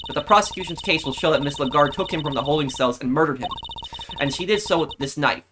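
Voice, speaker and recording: A man voicing a proud young woman prosecutor with crisp, determined delivery, over game music. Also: a little high, quick pace, noisy background, natural voice.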